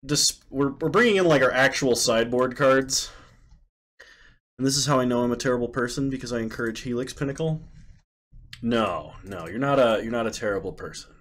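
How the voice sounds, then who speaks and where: A man's voice: mid-range voice, a little fast, a bit bright. A man streaming himself playing an online card game, calling out each play in short clipped phrases as he goes. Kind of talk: live commentary on his own card game.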